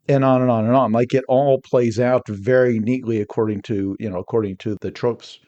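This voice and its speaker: A man talking as a podcast guest, energetic and rambling, often restarting his sentences mid-thought. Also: medium pitch, a little fast, few pauses. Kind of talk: casual podcast discussion.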